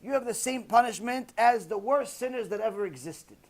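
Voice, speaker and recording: Rabbi, male, high voice; insistent preacher who hammers points with repetition and rhetorical questions. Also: brisk. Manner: emphatic, repeats key phrases, rhetorical questions. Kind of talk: Torah lecture sermon.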